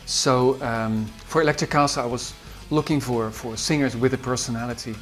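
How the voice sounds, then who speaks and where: A man with a Dutch accent, a musician recalling studio sessions in a halting way with many fillers. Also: mid-range voice, steady tone, faint music behind. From Netherlands. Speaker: musician and producer. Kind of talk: behind-the-scenes recollection.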